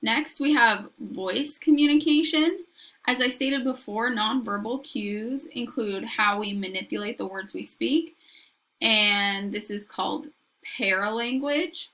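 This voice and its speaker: Woman lecturer, bright and slightly high voice, measured and explanatory delivery. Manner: measured, explanatory, occasional restarts. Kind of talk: recorded lecture.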